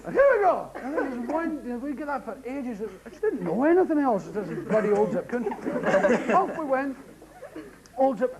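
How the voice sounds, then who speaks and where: Animated Scottish comedian before a roaring crowd. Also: male voice, moderate pace, rough recording. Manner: animated, mimics people in sharp high voices. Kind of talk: stand-up storytelling. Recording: 1980s TV audience show, loud crowd and noise. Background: loud audience laughter.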